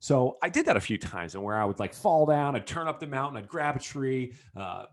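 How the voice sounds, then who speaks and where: A man telling a personal story in a casual, animated way and turning it into a lesson for entrepreneurs. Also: mid-range voice, brisk. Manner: animated, lots of fillers and restarts. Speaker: business coach speaking to entrepreneurs.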